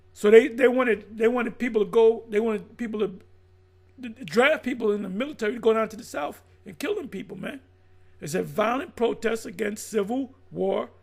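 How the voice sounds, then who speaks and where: A man's voice: very high-pitched, gravelly. A middle-aged man preaching and riffing off what he reads aloud, blunt and profane, calling people out as he goes. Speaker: religious teacher.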